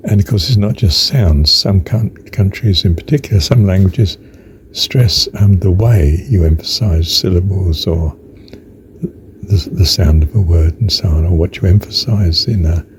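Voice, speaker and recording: Older man, deep voice, reflective faith talk, halting and soft-spoken. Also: slight background noise. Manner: slow, musing, halting with fillers and soft whispered asides. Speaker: speaker on faith.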